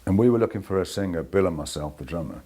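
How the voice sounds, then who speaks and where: An older man from England telling an anecdote in a soft-spoken, hesitant way. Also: low voice, animated, fast talker, slightly rough. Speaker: interviewee, band member. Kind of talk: casual storytelling.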